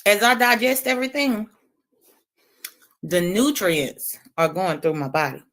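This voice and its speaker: A woman livestreamer trash-talks in a bright, forceful voice. Her pitch swings widely as she taunts and curses, chewing a lemon between lines. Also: unhurried. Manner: brash, profane, taunting; animated, talks while eating a lemon. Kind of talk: casual livestream trash talk.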